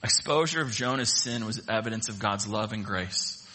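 Bright-voiced man preaching a sermon. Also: lowish voice, moderate pace. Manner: animated, acts out voices of the sailors. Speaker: pastor.

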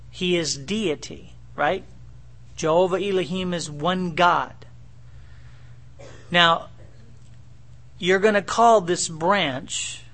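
High-voiced man preaching a sermon. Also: fairly bright tone. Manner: teaching with frequent "okay?" and "right?" checks. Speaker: pastor.

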